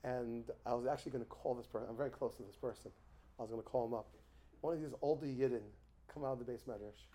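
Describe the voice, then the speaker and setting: A man teaching a lively Torah class, an animated storyteller who chuckles and drops asides. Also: medium pitch, quick pace.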